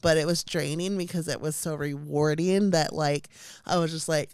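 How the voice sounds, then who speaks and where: A young woman co-hosting a casual podcast, telling an animated story full of "like"s and laughter. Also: low voice, moderate pace, clean tone, dry recording, studio quality. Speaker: podcast co-host. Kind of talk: casual chat.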